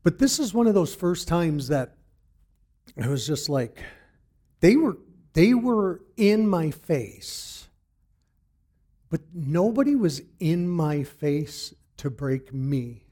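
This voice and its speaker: Middle-aged guy giving his faith testimony, slow and earnest, kinda high voice, keeps stopping and restarting. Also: lively intonation, warm tone. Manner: earnest, halting, many restarts. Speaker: church member giving testimony.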